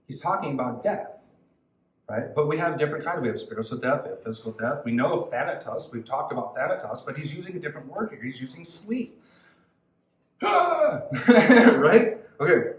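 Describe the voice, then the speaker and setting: A man teaches scripture to young people in a loose, lively way, laughing as he goes. His voice sits at a middle pitch and leaps up whenever he acts out a quote. The sound carries a noticeable room echo. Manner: animated, jumps in pitch for quotes, laughs often. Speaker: youth Bible study teacher. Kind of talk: informal Bible teaching.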